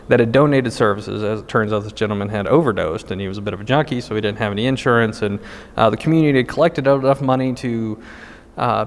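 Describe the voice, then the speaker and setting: A man's voice: mid-range voice, long reverb tail. A middle-aged man telling a casual story in a wry, self-mocking way, full of fillers and restarts. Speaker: guest storyteller.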